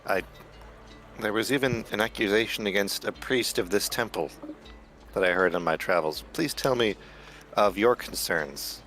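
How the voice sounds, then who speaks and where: A man's voice: lowish voice, moderate pace, fairly bright tone, faint music behind, close to an everyday voice. A man voicing an earnest young traveler who speaks formally and hesitantly. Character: earnest young male traveler returning to a temple. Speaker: player. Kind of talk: in-character tabletop roleplay.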